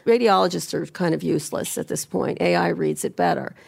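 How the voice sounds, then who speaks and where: A middle-aged woman hosting a podcast, blunt and teasing, talking fast about tech in casual banter. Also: on the low side, lively intonation, vocal fry, darkish tone, breathy edge. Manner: blunt, teasing, rapid-fire. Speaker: podcast host.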